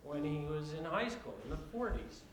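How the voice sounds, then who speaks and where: A man playing violin live, chatting casually between tunes in a halting way with many fillers. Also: on the high side, lively intonation, noisy background. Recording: echoey room with instrument music.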